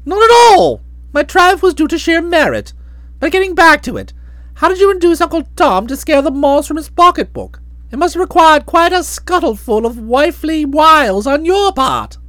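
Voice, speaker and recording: A woman narrating a comic novel for an audiobook, playful and full of expression. Her voice sits high and moves all over the place, and the recording is close and dry. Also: big pitch swings, moderate pace, a bit bright, no room sound.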